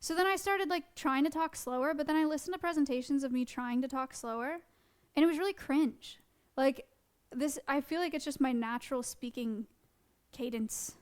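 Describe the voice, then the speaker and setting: A woman wildlife educator talking fast, with many fillers, in a casual live-stream presentation. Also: sits high.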